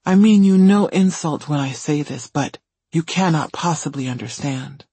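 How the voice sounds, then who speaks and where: A man's voice: on the high side, normal speed, mellow, husky, dry recording. A man reading the lines of a weary, earnest young husband in a storybook, close to his own voice.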